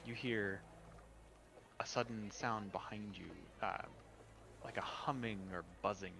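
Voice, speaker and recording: A man's voice: fairly low pitch, steady tone, unhurried, creaky. A man narrating a tabletop game as game master, describing scenes with small hesitations.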